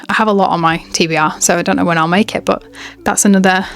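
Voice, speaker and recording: A woman's voice: fairly low pitch, steady tone, quick pace, vocal fry, fairly bright tone, faint music behind. A young woman chatting to camera in a rambling, enthusiastic way, often breaking off mid-sentence. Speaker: book and haul vlogger. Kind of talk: casual chat to camera.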